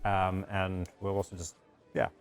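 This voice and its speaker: A South African man narrating as game master, relaxed and hesitant with many fillers. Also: sits low, a little slow, smooth, soft background music.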